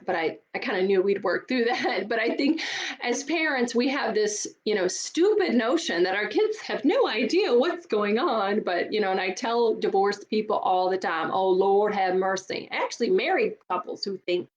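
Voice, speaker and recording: A woman's voice: medium pitch, lively intonation, moderate pace, muffled recording. A middle-aged woman coach giving an earnest, emphatic motivational talk, often repeating words for stress. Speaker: divorce coach.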